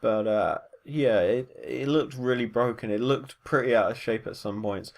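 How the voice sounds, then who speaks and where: A man's voice: medium pitch, moderate pace, vocal fry. A man giving a casual, rambling recap of wrestling matches, full of fillers and self-corrections. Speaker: wrestling show reviewer.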